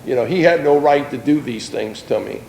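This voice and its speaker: A man's voice: medium pitch, a little fast, vocal fry, darkish tone, echoey room, a little hiss or hum, low-quality recording. A middle-aged man, giving a plain-spoken personal testimony in an earnest storytelling way.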